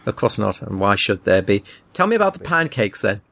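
A man's voice: on the low side, very animated, a little fast, vocal fry, a bit bright. A man, co-hosting a podcast with dry, mock-pedantic teasing in casual chat. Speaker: podcast co-host.

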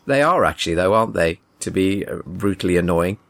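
A man's voice: low voice, expressive, fairly quick, fairly bright tone. A man, co-hosting a podcast with dry, mock-pedantic teasing in casual chat. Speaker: podcast co-host.

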